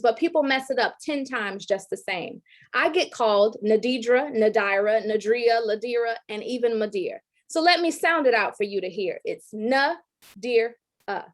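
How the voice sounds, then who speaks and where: Woman, 30s, educator, online presentation, earnest, rhythmic delivery, fairly high pitch. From Detroit, raised in Georgia. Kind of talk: online training presentation with spoken-word poem. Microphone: video call.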